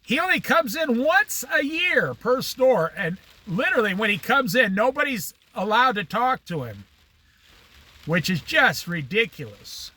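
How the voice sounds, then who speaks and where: A man's voice: very high voice, unhurried. A middle-aged man telling a casual story, acting out the people in it with a raised voice and laughing at his own tales. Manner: animated, acts out quotes with a raised voice. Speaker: vlogger.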